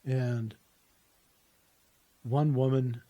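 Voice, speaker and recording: A man's voice: medium pitch, steady tone, drawn-out words, dark tone, highs cut off. A middle-aged man telling his own faith story in a plainspoken, earnest way, with casual swearing. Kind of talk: personal testimony, conversational storytelling.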